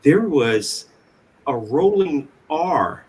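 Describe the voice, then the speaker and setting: A man on a discussion panel, talking casually and haltingly, often restarting and repeating words. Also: fairly high pitch, sing-song, a little mellow, slightly rough. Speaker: panelist on Cherokee language.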